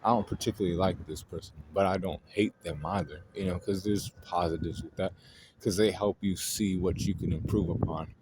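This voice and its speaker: A man with a fairly low voice delivers a casual, exasperated rant, full of blunt profanity. He sounds fed up as he talks it through. The recording carries a steady hiss of background noise. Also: brisk. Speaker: astrology video host. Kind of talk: casual ranting monologue. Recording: noisy home recording.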